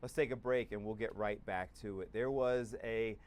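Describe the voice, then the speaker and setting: A man's voice: on the low side, fairly even intonation, normal speed, a little mellow. A man anchoring live TV news, talking in a conversational, upbeat way as he wraps up a segment and throws to a break. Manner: conversational, upbeat wrap-ups.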